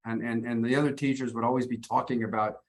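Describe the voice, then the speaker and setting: American man teaching a halting online lesson. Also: mid-range voice, fairly even intonation. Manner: halting, repeats words while explaining. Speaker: English teacher.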